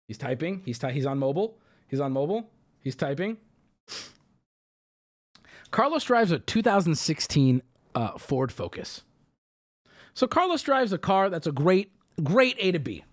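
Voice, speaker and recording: A man's voice: fairly high pitch, very animated, measured pace, pauses often. A man hosting a livestream, telling a story to his chat in a heated, profane rant. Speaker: livestream host. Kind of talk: casual ranting to chat.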